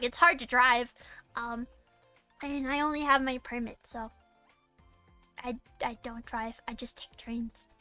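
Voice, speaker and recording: A young woman from Massachusetts chats casually on her live stream in a high, sharp, bright voice, rambling and giggling, with plenty of "um" and false starts. The sound is dry and close, with soft music playing faintly behind her. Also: no room sound. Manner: rambling and giggly, with many fillers and restarts. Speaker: VTuber streamer.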